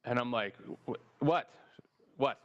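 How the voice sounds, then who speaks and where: A man's voice: medium pitch, takes it slowly, dull audio. A man hosting a podcast, telling a long, profane story in a casual way and laughing between lines. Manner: animated, profane anecdote with laughter. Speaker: podcast host.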